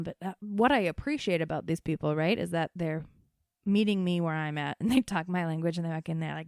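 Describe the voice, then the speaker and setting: A woman's voice: low-pitched, brisk, a little mellow, no room sound, clean studio sound. Chatty, foul-mouthed woman telling a story. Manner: chatty, profane, tells stories with quoted dialogue. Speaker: podcast host. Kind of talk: casual storytelling.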